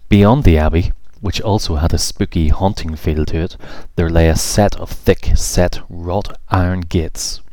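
A man narrating a children's fairy story in a steady, measured reading voice. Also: sits low, dry recording.

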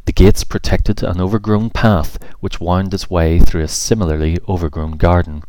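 A man with a very low voice narrates a children's fairy story in a steady, measured way. His reading sits right at a close mic, dry and free of room sound. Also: no echo.

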